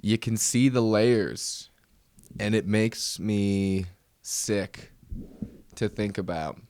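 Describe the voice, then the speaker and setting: A man's voice: lowish voice, fairly even intonation, extremely slow, darkish tone, dry recording. A man hosting his own comedy podcast, ranting nervously and mocking himself. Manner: nervous, self-mocking rant. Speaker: podcast host. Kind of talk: solo comedy podcast monologue.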